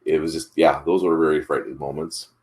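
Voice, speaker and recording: A man's voice: a bass voice, level tone, quick pace, a little mellow. A man hosting a live morning chat show, telling a family story in a casual, rambling way with lots of fillers and restarts. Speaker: father.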